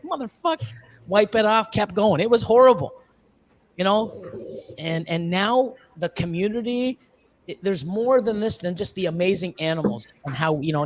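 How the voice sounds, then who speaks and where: A man on a livestream, a snake breeder, telling stories with lots of swearing and quick voiced quotes of other people. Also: high-pitched. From Canada. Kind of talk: casual livestream chat.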